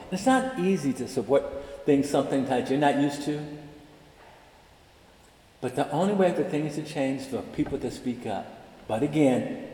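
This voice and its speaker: A man of about seventy giving a convocation address in a large chapel, telling personal stories and acting out the dialogue. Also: a little high. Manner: animated storyteller, acts out dialogue. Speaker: convocation speaker. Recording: echoey chapel with long reverb.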